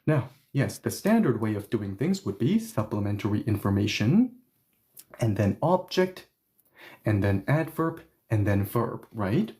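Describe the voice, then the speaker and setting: A man teaching Korean grammar in a live stream, explaining step by step and checking in often with his viewers. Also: mid-range voice. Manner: lively explainer who checks in with listeners.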